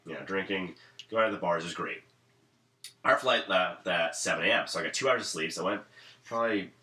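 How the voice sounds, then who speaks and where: Fast-talking deep-voiced young man. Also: pushed and bright. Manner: rambling storyteller, swears casually. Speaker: podcast guest. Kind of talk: casual chat.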